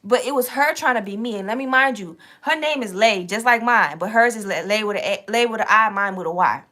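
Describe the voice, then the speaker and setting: A young woman telling a casual, profane story to her viewers, animated and streetwise. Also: medium pitch, brisk. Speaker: tarot reader and channel host.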